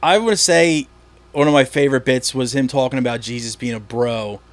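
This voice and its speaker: Casual man from Philly, swearing, animated. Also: mid-range voice, normal speed. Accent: Philadelphia. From Philadelphia area. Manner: animated, swearing, acts out quoted bits. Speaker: podcast host. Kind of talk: casual chat.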